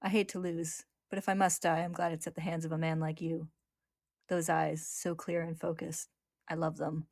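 A cruel, seductive monster woman in a storybook retelling, read by a woman narrator, speaking slowly and calmly with quiet menace. Her voice sits low and gravelly, dry and close to the mic. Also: dry recording. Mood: wistful. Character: cruel seductive female homunculus, calm and mocking.

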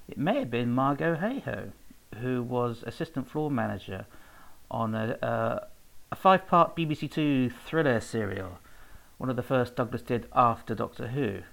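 A man talks casually and at length, wandering from one anecdote to the next. His voice has a gravelly, creaky edge at a middling pitch, and he pads his talk with fillers and restarts. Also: animated, moderate pace, fairly bright tone, poor audio. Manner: rambling and anecdotal, with fillers and self-corrections. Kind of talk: casual spoken talk about research.

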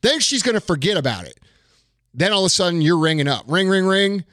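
A man's voice: high voice, expressive, a little fast, a bit bright, dry recording, studio quality. A man giving blunt dating advice in casual podcast chat, profane and emphatic.

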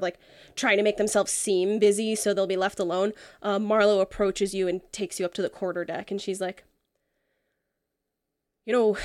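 A woman running a tabletop role-playing game as game master, narrating scenes in a relaxed, easygoing way. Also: mid-range voice.

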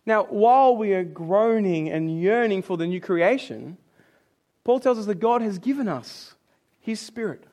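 A man preaching a sermon in an animated way, acting out complaining voices and dropping low and quiet for scripture readings. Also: measured pace.

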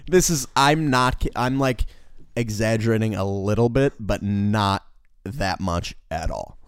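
Low-voiced young man telling stories. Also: animated, slow, no echo. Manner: rambling, laughs often, many fillers. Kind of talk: casual storytelling chat.

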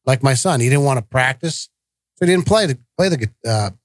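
A man's voice: medium pitch, expressive, a little fast, no echo. A man co-hosting a podcast, telling family stories in a blunt, direct way and acting out the dialogue. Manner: blunt, direct storytelling, acts out quoted dialogue. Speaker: podcast co-host. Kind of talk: casual podcast chat.

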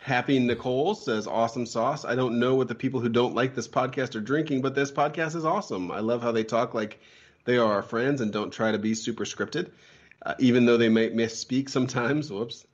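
A man's voice: mid-range voice, fairly quick. Man reading reviews on lo-fi audio. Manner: reads reviews aloud in a wry, joking tone. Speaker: podcast co-host reading listener reviews. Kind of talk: casual podcast chat.

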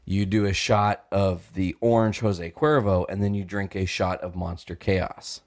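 Speaking at a measured pace, the young man has a low-pitched voice and fairly even intonation. As a podcast co-host he tells a long, animated, profane story, playing out each quoted voice.

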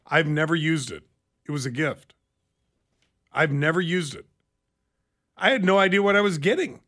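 A man's voice: fairly high pitch, moderate pace, fairly bright tone. A man hosting a radio show, chatting casually with wry, teasing interjections. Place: radio studio.

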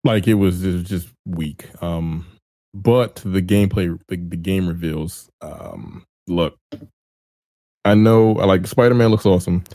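A man's voice: sits low, a little slow, warm tone, no room sound. A man co-hosting a casual podcast, giving blunt, slangy opinions with bits of laughter. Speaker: podcast co-host.

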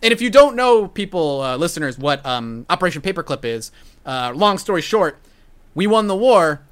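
A male podcast host in casual chat, animated, profane and enthusiastic. His voice is bright and sits somewhat high, swinging widely in pitch as he tells the story. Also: normal speed.

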